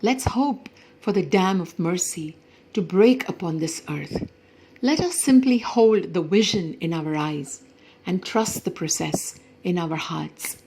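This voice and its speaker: A woman telling a short story in a gentle, measured and reflective way. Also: fairly low pitch, lively intonation, slight background noise, low-quality recording. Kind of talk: storytelling to camera.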